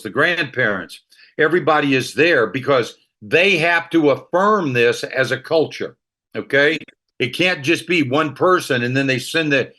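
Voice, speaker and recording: Middle-aged male ministry speaker, bright forceful tone, vivid anecdotal delivery. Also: on the high side. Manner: animated storyteller, emotional anecdotes. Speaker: guest author and ministry leader. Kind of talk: storytelling interview talk.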